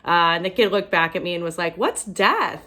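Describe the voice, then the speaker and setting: A woman's voice: lowish voice, level tone, fast, bright, forceful tone. A young woman from Ohio performing a stand-up comedy set, self-deprecating and often laughing at her own jokes. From Ohio, USA.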